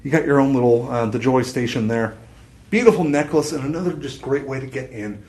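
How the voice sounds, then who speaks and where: A talkative male shopping host pitches jewelry on a live stream, wandering off into asides and cutting himself short. His voice sits at an ordinary middle pitch and rings with noticeable room echo from the studio set. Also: fairly quick, a little mellow. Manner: rambling and chatty, with self-interruptions and laughs. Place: studio set with a TV screen behind.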